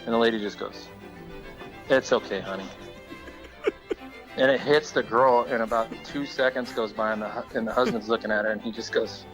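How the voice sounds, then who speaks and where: A man's voice: lowish voice, steady tone, quick pace, hardly any pauses, fairly bright tone, muffled recording, soft background music. A man calling in to tell a funny story, laughing as he goes and acting out the people in it. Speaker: caller. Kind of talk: animated storytelling.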